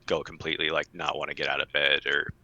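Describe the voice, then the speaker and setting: A man's voice: extremely low pitch, level tone, fast talker, bright, forceful tone, no echo, muffled recording. A man in his twenties from Florida, talking casually as a guest, hesitant and full of fillers. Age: 20s. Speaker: call-in guest. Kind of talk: casual chat.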